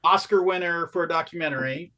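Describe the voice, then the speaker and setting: A man's voice: on the high side, fast talker, pushed and bright. A man co-hosting a podcast, chatting casually with frequent laughs and questions. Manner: amused, chatty, laughs often. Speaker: podcast co-host. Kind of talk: casual chat.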